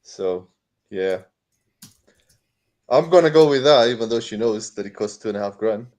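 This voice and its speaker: A man's voice: fairly low pitch, lively intonation, moderate pace, darkish tone. A man talking as a guest in a casual chat, hesitant and dry. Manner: hesitant, with restarts and dry humour.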